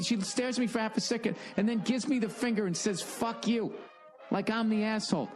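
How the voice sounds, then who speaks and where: A man's voice: mid-range voice, darkish tone. A man in his forties telling a story in a casual monologue, ranting and swearing in exasperation. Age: 40s. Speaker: podcast host.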